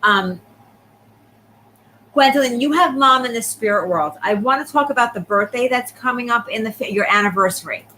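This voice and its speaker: A woman giving a live psychic reading, talking quickly and checking in often with the person she reads for. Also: on the high side, bright, forceful tone, a little hiss or hum, rough recording. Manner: rapid, repeatedly checking in with the sitter. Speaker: psychic medium.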